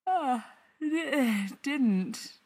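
A woman's voice: fairly high pitch, big pitch swings, unhurried, creaky, full character voice. A woman voicing a drowsy young father who talks in a yawning, mumbling way. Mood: sleepy. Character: sleepy young man, a tired new father.

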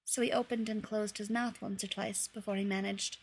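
A woman reading fan fiction aloud in a lively, expressive storytelling manner. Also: medium pitch, brisk, husky. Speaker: reader.

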